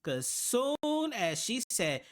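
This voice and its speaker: A woman hosting a reaction video, talking in a drawn-out, animated way and circling back to repeat her points. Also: on the high side. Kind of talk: casual reaction commentary.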